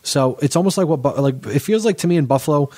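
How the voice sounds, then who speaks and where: A man's voice: fairly high pitch, animated, fast, dark tone, breathy edge. A man co-hosts a sports podcast. He talks in long, rambling runs. He keeps restarting and correcting himself as he goes. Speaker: podcast co-host. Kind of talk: casual sports talk.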